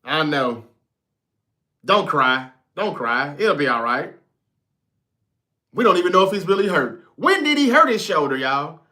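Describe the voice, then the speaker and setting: A man hosting a casual sports talk livestream, reading viewer comments and talking straight to the chat with a profane, animated manner. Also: extremely high pitch. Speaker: sports talk show host.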